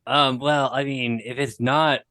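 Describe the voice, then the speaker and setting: A man's voice: mid-range voice, fairly even intonation, unhurried, bright, forceful tone, smooth, no echo, studio quality. A man voicing a nerdy teenage boy in glasses with fussy, hesitant speech during a tabletop game. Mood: sniffy. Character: nerdy bespectacled teenage boy, rock snob.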